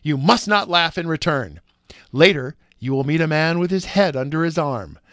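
A man's voice: a little high, animated, moderate pace, a bit bright, no echo. A mysterious old woman from a storybook, as a male reader voices her, solemn and full of warning. The voice sits raised and carries a bit of force, and it is recorded dry. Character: mysterious old woman giving stern advice.

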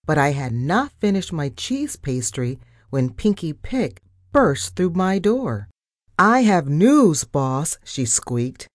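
A woman reading a children's storybook aloud, narrating and giving the characters' lines with lively expression. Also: low voice, slow, few pauses, no echo, studio quality.

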